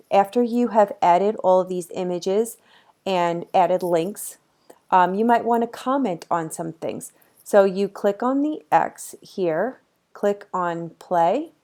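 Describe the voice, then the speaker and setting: A woman instructor talks her students through a software tutorial in a relaxed, chatty way, dropping plenty of ums as she clicks along. Her voice sits at an ordinary middle pitch for a woman, picked up on a plain computer microphone. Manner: chatty and easygoing, with frequent ums. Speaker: college course instructor. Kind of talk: casual screen-recorded software tutorial.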